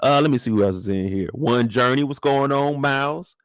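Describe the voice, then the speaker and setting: A man's voice: medium pitch, fairly quick, dry recording, studio quality. A man in his thirties hosting a live stream, chatting loosely in slang and greeting viewers by name. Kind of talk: casual live-stream review chat.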